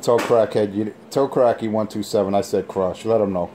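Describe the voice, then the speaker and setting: A man trash-talking rivals over a handheld radio mic, boasting and taunting in a slow drawl. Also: lowish voice, steady tone, noisy background. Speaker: CB radio operator. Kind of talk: on-air radio banter.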